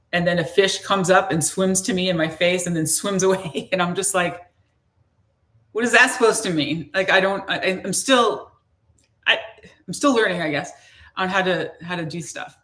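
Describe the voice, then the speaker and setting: Woman, spiritual teacher, chatty rambling storyteller, lowish voice, lots of restarts. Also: fairly bright tone. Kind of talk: casual personal storytelling.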